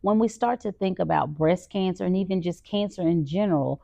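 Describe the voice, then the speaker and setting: A woman's voice: on the low side, brisk, creaky, mellow, dull audio. A woman hosting a podcast, asking questions and affirming her guest often. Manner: supportive, affirming, frequent backchannels. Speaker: podcast host. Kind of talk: casual interview.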